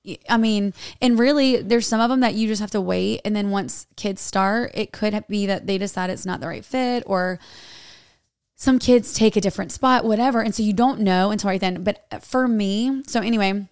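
A woman's voice: medium pitch, normal speed, darkish tone, clean tone, dry recording, studio quality. A young woman, co-hosting a podcast and rambling through a personal story in casual chat. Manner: chatty, rambling storytelling with many "like"s. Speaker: podcast co-host.

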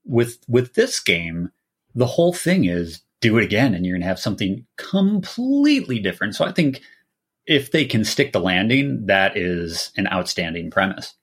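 A man guesting on a podcast, talking in a relaxed, thoughtful way and repeating words as he starts a thought. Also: fairly low pitch, normal speed, husky. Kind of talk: casual chat.

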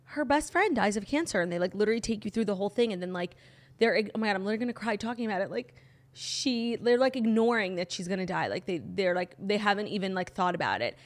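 A woman co-hosting a podcast in casual chat, gushing and full of "like" fillers, her voice a little hoarse. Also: medium pitch, expressive, fast talker. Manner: chatty, gushing, lots of "like" fillers. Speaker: podcast co-host.

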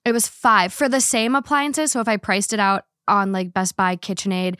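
A woman's voice: mid-range voice, fairly even intonation, sharp tone, dry recording, clean studio sound. A young woman hosting a podcast, chatty and playful in casual conversation. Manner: chatty, playful, quick asides. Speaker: podcast host. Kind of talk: casual chat.

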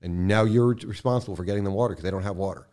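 A man speaking as a podcast guest in casual conversation, impassioned, swearing freely and swinging from quiet to loud bursts. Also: fairly low pitch, very fast.

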